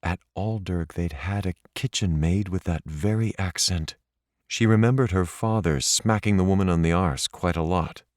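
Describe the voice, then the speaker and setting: A man narrating an audiobook in a measured, expressive reading. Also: deep voice, dry recording, clean studio sound. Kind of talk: scripted narration.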